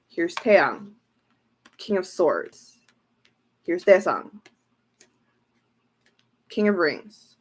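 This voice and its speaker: A woman tarot reader in a casual livestream, excitable, exclaiming and repeating herself as she reads cards. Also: on the low side, extremely slow, long pauses.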